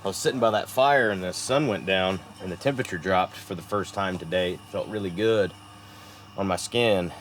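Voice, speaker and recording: A man's voice: deep voice, brisk, a bit bright, a little hiss or hum. A man hosting an outdoor fishing and camping show, talking in an easygoing, folksy way outdoors by a river. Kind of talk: casual outdoor narration. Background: music.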